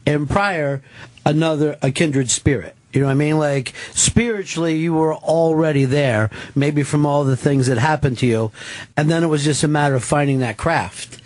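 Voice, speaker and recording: A man's voice: fairly high pitch, normal speed, a little mellow, dry recording. Admiring male interview host, dry sound. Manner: admiring, hesitant with fillers. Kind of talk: casual interview chat.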